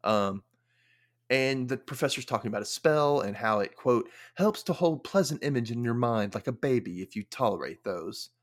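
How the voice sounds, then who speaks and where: A young podcast host with a mid-range voice casually recaps an episode at a moderate pace. His storytelling is animated, sprinkled with wry quoted asides.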